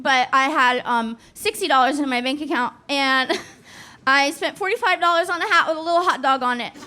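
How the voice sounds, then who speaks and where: A woman in her forties performing a stand-up set, profane and self-deprecating, laughing at her own jokes. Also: high-pitched. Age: 40s. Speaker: stand-up comedian. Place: comedy club stage. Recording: live club with loud audience laughter.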